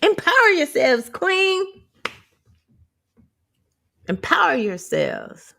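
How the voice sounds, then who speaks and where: Middle-aged woman vlogger, sassy and profane, laughing often, with a higher voice and a gravelly edge. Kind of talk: candid empowerment vlog.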